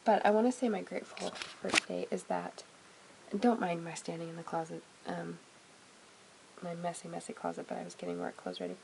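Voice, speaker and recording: A woman's voice: lowish voice, fairly even intonation, a little fast, creaky, a little hiss or hum, poor audio. Chatty woman vlogging from her closet. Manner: chatty, frequent "um" and "you know", drifting softer. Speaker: family vlogger. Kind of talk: casual vlog talk to camera. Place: home closet.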